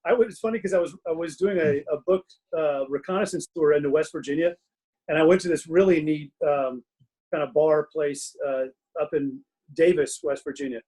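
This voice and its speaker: A middle-aged man with a voice a little high for a man, chatting easily as a guest in a casual interview. He tells self-mocking stories and laughs through them, speaking from his home den. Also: fairly even intonation, a little fast, warm tone, slightly rough, low-quality recording. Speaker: guest author.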